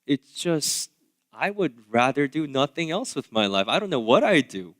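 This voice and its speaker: Animated, chatty man preaching. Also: on the high side, normal speed. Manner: casual, conversational preaching with many fillers; animated, swinging between loud asides and quiet remarks. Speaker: pastor. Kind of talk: sermon. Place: church sanctuary.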